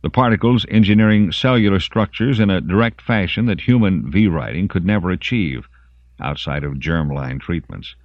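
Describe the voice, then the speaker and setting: A man narrating an audiobook in an expressive storytelling manner. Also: low voice, moderate pace, no room sound. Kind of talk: scripted narration. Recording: dry, muffled lo-fi audiobook.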